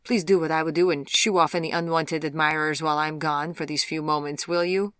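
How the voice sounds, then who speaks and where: A woman voicing a proper, skeptical young gentleman in an audiobook, speaking politely but dismissively in formal phrases. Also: fairly high pitch, fairly even intonation, a little fast, smooth, no echo, studio quality. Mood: wry. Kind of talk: audiobook character voice.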